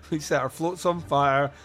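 A man's voice: on the high side, steady tone, slow, fairly bright tone. Laughing male podcast host. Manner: laughs often, acts out lines in silly voices. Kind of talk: casual film review chat.

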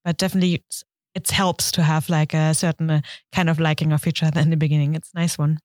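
A woman's voice: sits low, level tone, fast talker, darkish tone, no echo. Encouraging female podcast co-host, dry sound. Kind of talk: casual podcast interview.

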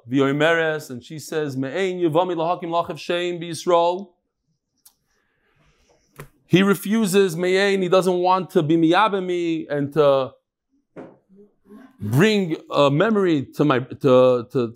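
A middle-aged man with a slightly high voice leads a daily Mishnah class. He is animated and joking, sprinkling Hebrew terms into his English as he demonstrates.

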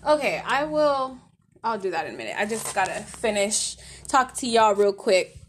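A woman's voice: medium pitch, big pitch swings, moderate pace. A woman hosting her own faith podcast, talking casually to her listeners with a playful put-on country drawl, lots of y'all and laughter. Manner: chatty, laughing, loosely rambling; ends in a soft spoken prayer. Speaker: podcast host. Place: at her workplace.

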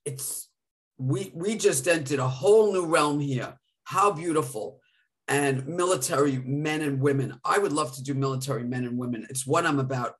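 Guy co-hosting a live podcast, gushy and emotional, mid-pitched voice. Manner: effusive, emotional, gushing. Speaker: podcast co-host.

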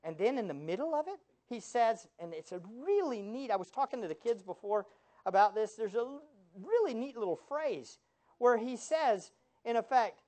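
Man, pastor, sermon, very animated pitch, rhetorical questions, sarcastic asides. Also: normal speed.

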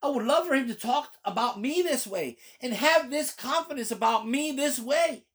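A man's voice: very high voice, expressive, moderate pace, a bit bright. A male pastor preaching a personal testimony sermon and reading scripture, fervent and emphatic, repeating key phrases for weight.

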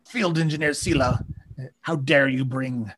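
A man's voice: mid-range voice, a little slow, a bit bright. Casting: a man playing a pompous, blustering kobold boss, tabletop game voice. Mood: indignant. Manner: blustering, demanding. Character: portly male kobold chief, indignant.

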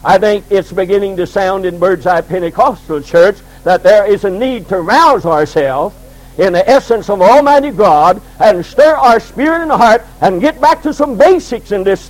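A man's voice: sits high, low-quality recording. A man preaching a sermon as pastor in a church, building his points through repeated emphatic phrases. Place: church sanctuary.

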